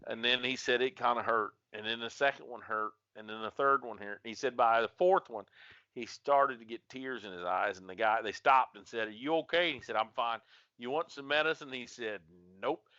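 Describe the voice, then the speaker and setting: Man, folksy rambling storyteller, bright forceful voice, dry dull lo-fi sound. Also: mid-range voice, normal speed, smooth, dry recording. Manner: rambling, folksy, retelling a dad's story with quoted dialogue. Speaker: podcast co-host. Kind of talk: casual storytelling chat. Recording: dull lo-fi podcast audio.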